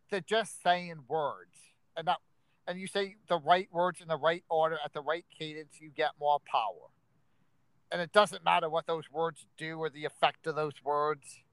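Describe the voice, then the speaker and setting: A man's voice: fairly high pitch, a little slow, a bit bright, clean tone, no echo, low-quality recording. A man co-hosting a podcast in casual chat, talking bluntly with lots of fillers. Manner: rambling, filler-heavy, blunt. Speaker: podcast co-host.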